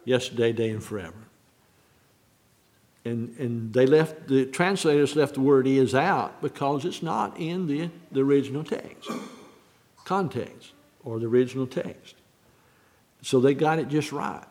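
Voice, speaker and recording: Slow, halting man preaching. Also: medium pitch. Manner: halting, full of restarts and fillers, repeating the verse slowly. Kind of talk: sermon, unscripted Bible teaching.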